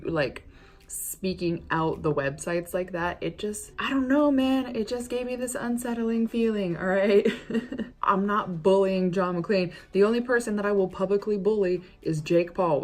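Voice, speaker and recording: A woman chatting through a makeup vlog, rambling and swearing freely as she defends herself. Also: fairly low pitch. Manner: defensive ranting. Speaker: beauty vlogger.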